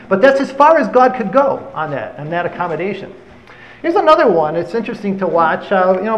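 A man preaching a sermon, retelling Bible stories in an animated, conversational way. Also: high-pitched, poor audio.

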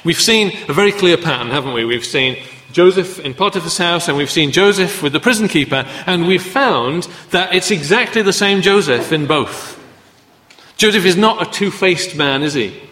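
A man's voice: a little high, lively intonation, moderate pace, bright, forceful tone. A man giving a sermon, teaching in a conversational way with frequent restarts and rhetorical tag questions. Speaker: preacher. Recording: echoey hall.

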